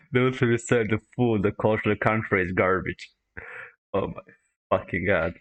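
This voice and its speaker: A man's voice: lowish voice, measured pace, low-quality recording. A man hosting a reaction video, talking casually, laughing often and swearing freely.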